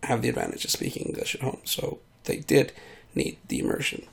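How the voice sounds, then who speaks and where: Gravelly man rambling while sick. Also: medium pitch, huge pitch swings, fairly quick. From United States. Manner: meandering, trailing off, many fillers. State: sick, voice hard to control. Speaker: vlogger. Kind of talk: rambling casual monologue.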